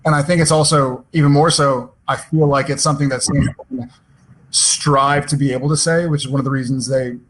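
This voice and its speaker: A man on a virtual fan panel, telling stories from set in a lively way and openly moved. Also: medium pitch, brisk, slight background noise. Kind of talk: casual panel chat. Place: home, on a video call.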